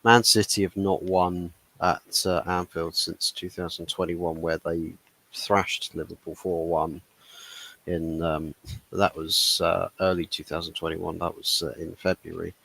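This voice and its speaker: Deep-voiced male panelist, rambling and jokey, video-call audio. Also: little pitch movement, a little slow, creaky, bright, forceful tone, poor audio. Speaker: football podcast panelist. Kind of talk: casual chat.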